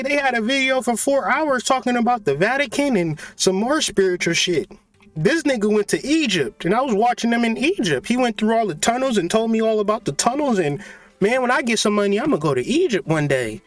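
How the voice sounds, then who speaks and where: A high-pitched man rants about spirituality with profane, mocking humor. He is animated and cuts in with sharp jabs. The sound is dry and close, with faint music underneath. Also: dry recording. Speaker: host of a spiritual channel. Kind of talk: comedic spiritual rant.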